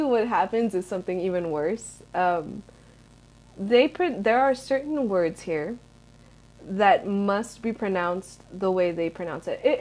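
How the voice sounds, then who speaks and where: A woman's voice: medium pitch, a little mellow. Chatty young American woman vlogging. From United States. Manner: rambling, chatty, many fillers and restarts. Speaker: vlogger answering viewer questions. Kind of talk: casual Q&A chat.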